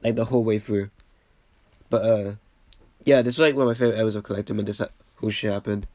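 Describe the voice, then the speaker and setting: A young man casually rambling over an old video, packed with "like" fillers and the odd swear, getting excited and then trailing off. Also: lowish voice, fast talker, no room sound. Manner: excitable bursts, trails off with a quiet "yeah". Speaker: reaction video host.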